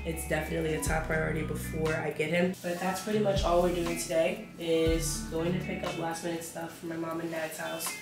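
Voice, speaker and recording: A woman's voice: deep voice, flat delivery, a little fast, few pauses, echoey room, over music. Chatty young woman vlogging at home. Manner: chatty, talks to viewers while tidying. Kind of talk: casual vlog narration. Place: apartment kitchen, indoors.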